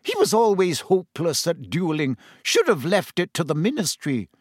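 Stern elderly schoolmistress played by a man, clipped, raised pitch. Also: sing-song, moderate pace, husky, no room sound, studio quality. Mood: rueful. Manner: clipped and stern, thick with emotion. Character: stern older woman teacher, strict but grieving.

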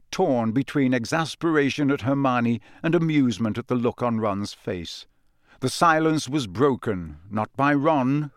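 A man narrating an audiobook with clear, expressive storytelling. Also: mid-range voice, no room sound, clean studio sound. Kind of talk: scripted narration.

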